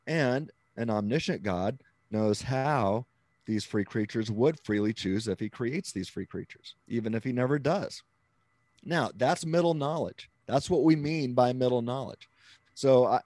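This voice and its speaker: Male interview guest, mid-pitched and dry close sound, patient explainer who keeps asking "right?". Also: darkish tone, dry recording. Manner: explanatory, checks in with frequent "right?", steps through ideas with restarts. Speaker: Christian author and apologist, interview guest. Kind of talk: conversational interview, explaining theology.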